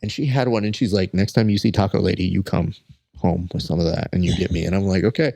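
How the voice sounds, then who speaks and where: Animated man telling stories casually. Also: low voice, quick pace, creaky. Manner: animated storyteller who acts out quoted people. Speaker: podcast host. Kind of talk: casual chat.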